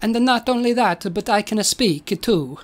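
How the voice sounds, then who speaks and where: A bragging robot knight, freshly brought to life, speaks in a put-on Italian accent, as a woman acts him out. He makes slow, stilted declarations, pitched a little high, like a comedy storybook character. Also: expressive, natural voice. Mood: boastful. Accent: mock Italian.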